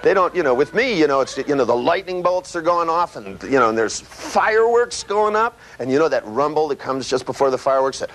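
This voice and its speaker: A man giving a live seminar lecture, animated and profane, acting out voices and sound effects as he teaches. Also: on the high side, fairly quick, few pauses. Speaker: seminar trainer. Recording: noisy live seminar recording.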